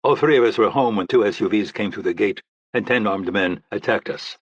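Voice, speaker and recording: Man doing terse ex-soldier, low husky voice, short light answers, dry muffled audio. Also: brisk, no echo. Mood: guarded. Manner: light, clipped replies. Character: guarded, wry male ex-soldier, terse.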